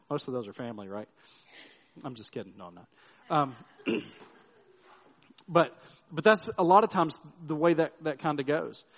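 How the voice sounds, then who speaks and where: A man's voice: a little high, expressive, moderate pace, long pauses, long reverb tail. A middle-aged male pastor giving a sermon in a loose, storytelling way, with restarts and frequent tag questions.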